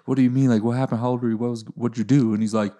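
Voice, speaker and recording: A young man chatting casually, telling stories quickly with frequent swearing. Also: medium pitch, fairly even intonation, dark tone. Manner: fast, profane, laughing storytelling. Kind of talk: casual chat.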